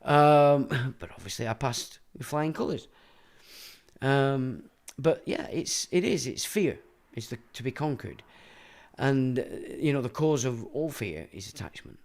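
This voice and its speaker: A man's voice: medium pitch, expressive, unhurried, a little mellow. Profane middle-aged man ranting. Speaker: livestream host. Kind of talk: rambling livestream monologue.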